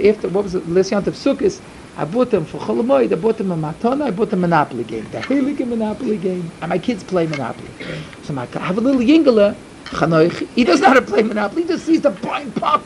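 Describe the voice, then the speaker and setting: A middle-aged man giving an emphatic storytelling sermon to a yeshiva, repeating his points and swinging from loud to hushed. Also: high-pitched, a little hiss or hum, poor audio. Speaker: yeshiva speaker.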